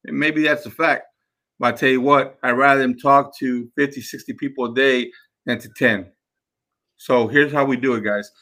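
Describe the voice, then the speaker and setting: A man's voice: mid-range voice, steady tone, moderate pace, bright, forceful tone. A man, hosting a podcast and giving an instructional talk, emphatic and repeating himself as he addresses the listeners as guys. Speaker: podcast host and sales trainer.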